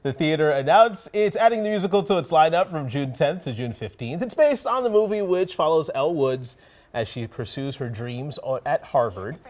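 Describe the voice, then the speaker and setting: A man's voice: a little high, normal speed. A man anchoring a morning TV news show, reading stories and joking with co-hosts. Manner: lively, joking.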